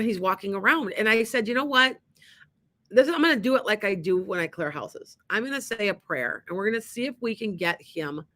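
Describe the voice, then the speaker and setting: A middle-aged woman, a medium hosting a radio show, telling a story casually and acting out the dialogue with many restarts. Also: mid-range voice. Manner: animated, acts out quoted dialogue, many restarts. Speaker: psychic medium and show host.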